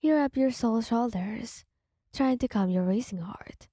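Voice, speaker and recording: A woman narrating a second-person listener audio story in a soft, partly whispered delivery. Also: on the high side, measured pace, no echo, clean studio sound.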